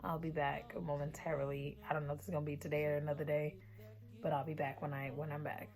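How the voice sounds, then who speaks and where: A young woman with a somewhat low-pitched voice talks through a book's plot in a loose, chatty vlog recap. She is blunt and animated and swears freely as she reacts. Her delivery stays informal throughout. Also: fast talker, soft background music. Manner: chatty, profane, animated retelling. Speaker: book reaction vlogger. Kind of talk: casual book recap.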